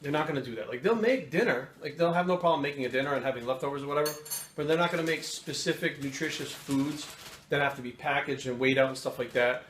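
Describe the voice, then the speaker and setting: A man hosting a fitness channel, chatting casually to camera at home in a fast, profane, animated rant. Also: fairly high pitch. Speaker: fitness coach and channel host. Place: home kitchen. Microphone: camera mic. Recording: roomy echo, faint room noise.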